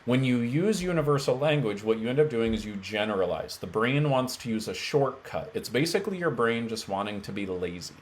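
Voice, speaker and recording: A man's voice: mid-range voice, expressive, fairly quick, few pauses, slight background noise. Blunt, emphatic male coach. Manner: blunt, emphatic, addresses viewers as "guys". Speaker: mental health coach. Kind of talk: direct-to-camera coaching talk.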